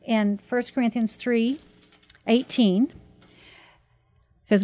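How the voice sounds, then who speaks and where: A woman's voice: mid-range voice, normal speed, no room sound. Woman minister preaching earnestly, lifting key words, close dry mic. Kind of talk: teaching sermon.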